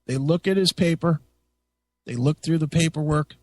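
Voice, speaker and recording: A man hosting a radio talk show, telling a story in a casual, profane and animated way. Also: fairly high pitch, moderate pace. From United States. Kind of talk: casual chat.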